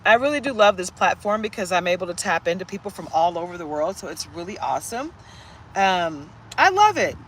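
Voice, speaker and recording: A woman from Detroit hosting a casual live stream, animated and chatty, greeting viewers by name and laughing often, recorded at home on a phone or webcam. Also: lowish voice, fairly quick, slight background noise. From Detroit, USA. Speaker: live-stream host giving a reading.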